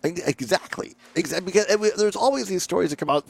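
A male radio host with a slightly high, gravelly voice. He chats in a loose, joking way and laughs easily between lines. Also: lively intonation, quick pace, few pauses. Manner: laughs often, jokey, repeats himself. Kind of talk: casual radio chat.

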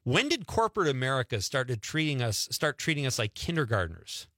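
A man's voice: medium pitch, sing-song, fairly quick, pushed and bright, no room sound, studio quality. A man hosting a radio show in casual, joking chat, often laughing. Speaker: radio host.

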